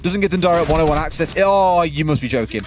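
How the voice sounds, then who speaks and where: A man's voice: a little high, fast talker, noisy background. A man giving color commentary on an esports match, chatty and teasing his co-caster.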